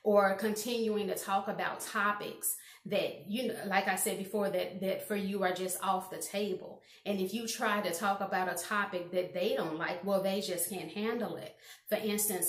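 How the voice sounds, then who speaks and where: A woman vlogger giving casual advice to camera in an earnest, rambling way with many restarts. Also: medium pitch. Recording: roomy echo.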